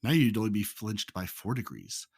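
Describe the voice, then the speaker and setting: A man from the United States on a casual podcast, reading out game numbers in a deadpan, methodical way. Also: on the low side, normal speed, creaky, breathy edge, dry recording, clean studio sound. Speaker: podcast co-host.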